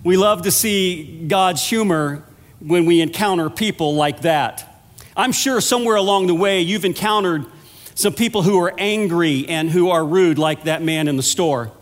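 A man with a notably high voice delivers a sermon, earnest and conversational like a storyteller. His words ring out with a long reverb from the church hall around him. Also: moderate pace. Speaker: minister of pastoral care.

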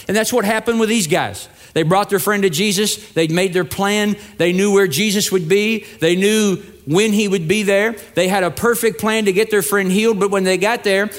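A man's voice: sits high, moderate pace, few pauses. A male pastor preaching a sermon, telling stories and acting out the voices of the people in them. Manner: storytelling with acted-out voices, building to emphatic peaks.

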